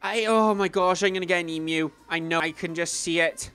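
A man hosting his own gaming channel, giving chatty gameplay commentary that swings between low mumbling and excited squeals. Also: brisk, clear, resonant tone. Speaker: YouTube gaming channel host. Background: faint background music.

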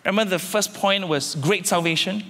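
Emphatic, fairly high-voiced male pastor. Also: moderate pace, in a large hall. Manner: emphatic preaching with repeated phrases and sudden loud climbs. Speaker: senior pastor. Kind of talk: sermon.

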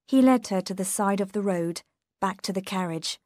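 A woman narrating an audiobook for English learners, reading slowly, carefully and in a measured way. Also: mid-range voice, darkish tone, dry recording, studio quality.

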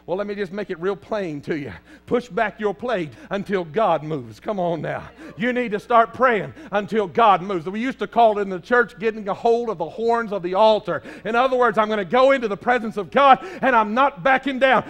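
A man with a Southern US accent preaching a fervent sermon as pastor in a church, often rising to a shout. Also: high voice, normal speed. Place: church sanctuary.

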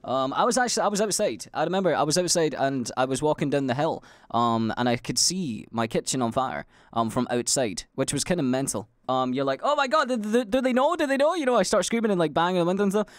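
A young Scottish man rambles through stories on his own podcast, sweary and animated, bursting into loud acted-out quotes. His voice sits at an ordinary middle pitch. The recording is dry and close, with no room sound. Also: quick pace, few pauses, no room sound. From Scotland. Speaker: podcast host. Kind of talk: casual rambling monologue.

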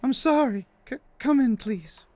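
Man doing a trembling high old lady. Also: expressive, unhurried, a little mellow, no echo, exaggerated voice. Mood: timid. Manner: trembling, stammering, pleading. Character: frail nervous elderly woman tenant. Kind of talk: reading game dialogue aloud.

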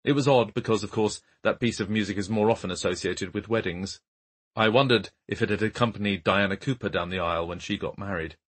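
A man reading an audiobook mystery in a calm, dry, even manner. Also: on the low side, brisk. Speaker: audiobook narrator. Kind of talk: scripted audiobook narration.

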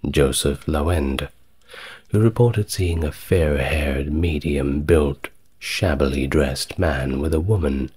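Man, very deep voice, husky, soft-spoken ASMR history narration, calm and measured. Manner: calm and measured, with wry conversational asides.

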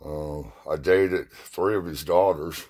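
A man's voice: rumbling low, takes it slowly, a little mellow. A middle-aged man telling rambling, profane stories from his past in casual talk, sounding short of breath. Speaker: storyteller. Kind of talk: casual spoken memories.

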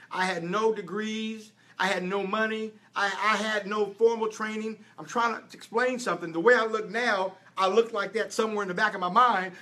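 A middle-aged preacher with a high, bright voice delivers an emphatic sermon. He tells his story and drives his points home through repetition. His voice climbs and falls as he builds. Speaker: apostle and preacher. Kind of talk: sermon teaching with testimony.

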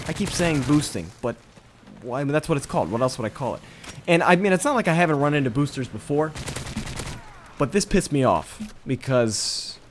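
A man's voice: mid-range voice, slight background noise. A man giving casual, profane commentary over his own gameplay footage, worked up as he retells the match. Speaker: gaming commentator.

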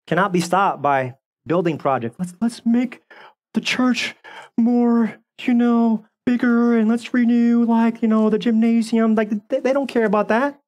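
Animated, sarcastic man preaching a sermon. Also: extremely high pitch, unhurried. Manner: animated, sarcastic, repeats words when fired up. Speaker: pastor.

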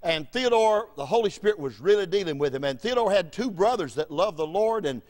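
A high-voiced man preaches from the pulpit. He tells a folksy story and swings from loud exclamations to near-whispered asides. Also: expressive, fairly quick. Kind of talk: storytelling sermon.

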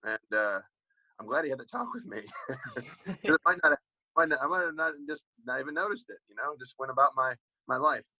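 A man's voice: medium pitch, a little fast, bright, forceful tone, no room sound, low-quality recording. A man in his forties, a former pro football player, talks casually as an interview guest and tells rambling stories full of "you know" and restarts.

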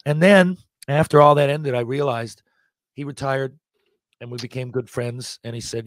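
A man's voice: mid-range voice, normal speed, dry recording. Profane man in his forties telling stories. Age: 40s. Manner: profane, rambling, animated anecdotes. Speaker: podcast guest. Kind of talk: casual storytelling.

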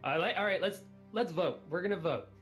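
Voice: medium pitch, brisk, faint music behind. A player in a tabletop game who teases the others and often laughs. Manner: laughing, teasing. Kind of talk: casual tabletop role-play.

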